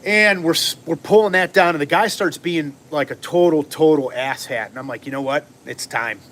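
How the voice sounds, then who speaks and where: A man tells a long, wandering story on a casual livestream, switching into quick impressions of the people in it. His voice sits a little high for a man. A faint noise hangs under the recording. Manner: rambling, animated, acts out quotes. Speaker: vlogger telling a story.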